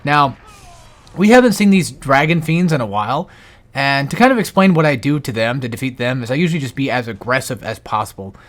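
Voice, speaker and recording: A man's voice: medium pitch, lively intonation, brisk. Out-of-breath man narrating gameplay. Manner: rambling, many fillers and restarts. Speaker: game guide commentator. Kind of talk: casual gameplay commentary.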